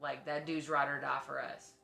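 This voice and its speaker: A woman's voice: rumbling low, little pitch movement, normal speed, gravelly, pushed and bright, faint music behind. A woman streamer chatting casually at home, swearing freely and oversharing. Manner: profane, oversharing. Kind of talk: casual chat.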